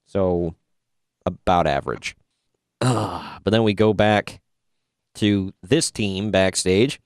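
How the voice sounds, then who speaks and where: Reviewing wrestling on his laid-back podcast, this host runs through match recaps peppered with sarcastic jokes. He speaks slowly in a low, clean voice, and the studio sound is clean with no room sound.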